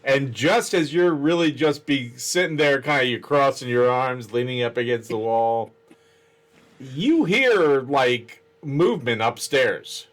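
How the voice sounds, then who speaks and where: A man's voice: medium pitch, measured pace. A man narrating a tabletop role-playing game as game master.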